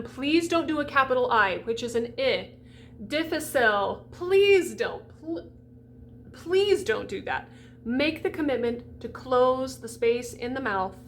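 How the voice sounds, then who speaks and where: A woman voice coach giving a chatty, animated diction lesson for singers, demonstrating each sound. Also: on the high side, slight background noise.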